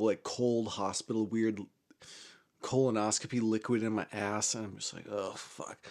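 A man at an ordinary middle pitch tells a personal story in a loose, casual way. He swears freely, trips over his words and restarts often, and chuckles now and then. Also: a little mellow. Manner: rambling, profane, with frequent restarts and chuckles.

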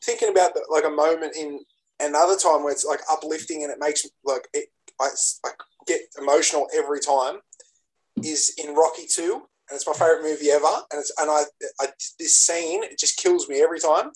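Man, podcast co-host, excitable storyteller, a touch high-pitched. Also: fairly quick, poor audio. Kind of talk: casual chat.

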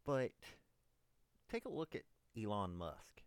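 A man delivering an unscripted political monologue, emphatic, addressing his listeners as ladies and gentlemen. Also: fairly low pitch, huge pitch swings, slow pace, smooth, no echo. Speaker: political commentator.

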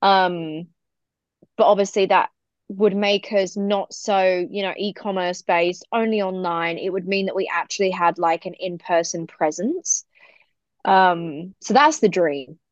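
A woman's voice: fairly low pitch, measured pace, no echo. A British woman from the UK chatting as an enthusiastic interview guest, with lots of fillers and laughter. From United Kingdom. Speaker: podcast guest, business owner. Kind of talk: casual interview chat. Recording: dull, dry recording.

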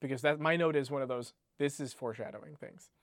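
A man's voice: medium pitch, quick pace, no room sound, clean studio sound. A man co-hosting a casual book-discussion podcast, rambling, restarting sentences and swearing casually. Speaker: podcast co-host.

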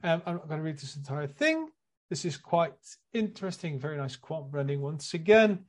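A man's voice: a little high, very animated, moderate pace. A man hosting a casual podcast, reading bits aloud and rambling, often stumbling and repeating words. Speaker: podcast host.

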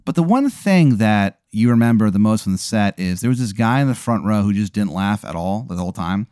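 A man's voice: fairly low pitch, expressive, fairly quick, darkish tone, no room sound, studio quality. A man hosting a podcast, improvising a rambling, profane comedy story with lots of restarts. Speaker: podcast host.

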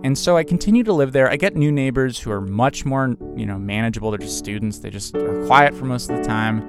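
Man, casual storyteller, mid-pitched, chatty with "like" and "you know", faint guitar underneath. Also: animated, quick pace, few pauses. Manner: conversational, with fillers and restarts.

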